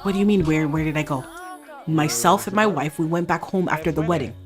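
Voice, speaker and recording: A woman voicing an indignant, wealthy older father and grandfather who turns sarcastic and shouts in outrage. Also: sits low, fairly quick, music in the background, close to an everyday voice. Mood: aggrieved. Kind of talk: voicing game characters in a let's play.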